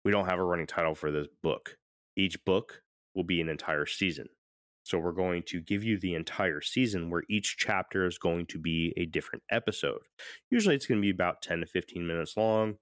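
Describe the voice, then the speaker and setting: A man's voice: deep voice, fairly quick, a bit bright, dry recording, studio quality. A man hosting a podcast in casual chat, rambling and often laughing. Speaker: podcast host.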